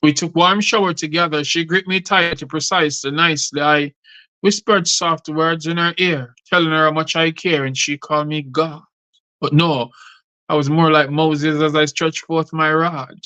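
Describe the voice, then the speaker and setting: A man's voice: fairly high pitch, steady tone, moderate pace, bright, forceful tone, smooth. A man who hosts a show and recites his rhyming poetry in a rhythmic delivery. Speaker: poet and show host.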